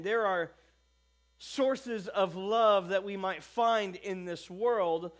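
Male pastor, high-pitched, unhurried sermon delivery with emphatic stresses. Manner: slow, emphatic preaching with repeated stresses; quiet, hushed prayer.

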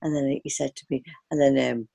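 Gravelly woman. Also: a bass voice, fairly even intonation, a little fast, dark tone, poor audio. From Liverpool area, England. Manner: rambling, many fillers and restarts. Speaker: artist guest. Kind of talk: casual reminiscing interview.

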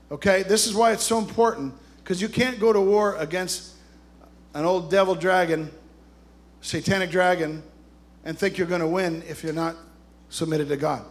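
A man's voice: high voice, normal speed. A man preaching a sermon in an emphatic, rousing way, calling out to his congregation. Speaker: pastor.

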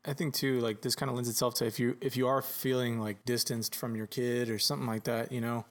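A man's voice: medium pitch, a little fast. A man in casual podcast chat, telling stories about his young son and acting out the dialogue, swearing now and then. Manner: relaxed storyteller, swears casually, acts out dialogue. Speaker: podcast co-host, father.

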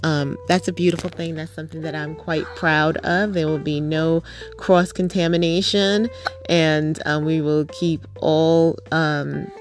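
A woman's voice: sits low, little pitch movement, unhurried, faint music behind. A woman and mother hosting a podcast, chatting casually and earnestly with frequent fillers and restarts. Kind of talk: casual chat.

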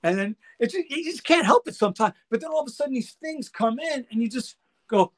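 A man guest in a casual chat, telling a story excitedly and acting out the dialogue. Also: high voice, quick pace. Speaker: guest musician.

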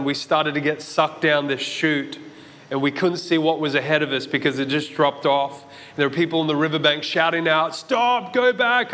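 In a church auditorium, an Australian pastor in his thirties, his voice slightly high for a man, preaches a sermon built around a personal story. He tells it vividly, voicing his own shouts and thoughts, and the hall adds a long reverb.

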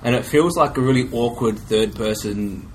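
Man, mid-pitched podcast co-host, relaxed rambling chat. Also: moderate pace, a little hiss or hum, rough recording. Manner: easygoing, rambling with restarts. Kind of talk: casual chat.

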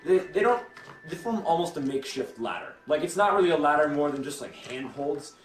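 Young guy game master, somewhat high voice, lots of restarts, echoey room, faint music. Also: big pitch swings. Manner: halting, many restarts and fillers. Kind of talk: narrating a tabletop game.

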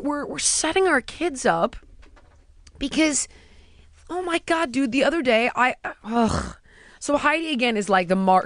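Animated storytelling woman, dry close sound. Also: a little high, dry recording. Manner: animated storytelling, mimics voices of others. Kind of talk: casual chat.

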